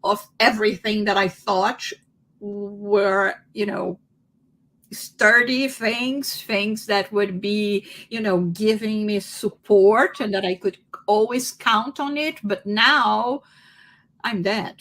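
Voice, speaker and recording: A woman talks through her ideas in an unhurried way. She grows animated and laughs easily. She restarts her sentences often. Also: medium pitch. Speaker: podcast co-host. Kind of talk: discussion on psychology and spirituality.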